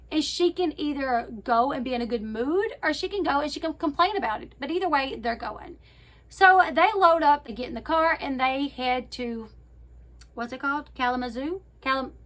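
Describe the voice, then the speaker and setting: A woman YouTuber casually recapping a reality show, talking straight to her viewers with fillers and quick self-corrections. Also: sits high, fairly bright tone. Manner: chatty, addresses viewers directly. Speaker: YouTube commentator.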